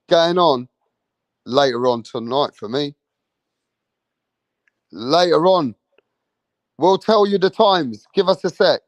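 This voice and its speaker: A high-pitched young man chats casually while hosting a boxing livestream, leaning on slang, repeating himself, and reading out viewer comments. The audio has no echo.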